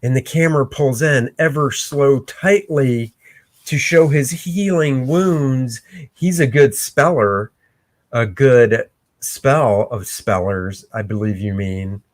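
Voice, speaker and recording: Slow-talking joking comic artist man. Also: medium pitch. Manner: joking, rambling, self-interrupting. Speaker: comic artist hosting a drawing channel. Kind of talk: casual narrated art commentary.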